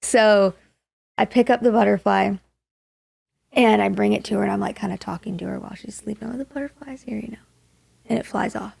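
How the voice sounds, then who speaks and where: Young woman, from Maui, gravelly fry in her voice, soft-spoken storyteller, dry close sound. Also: mid-range voice, little pitch movement, brisk, no room sound. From Maui, Hawaii. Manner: soft-spoken, drops to a hush for quoted thoughts. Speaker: singer-songwriter guest. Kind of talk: personal storytelling in a podcast interview.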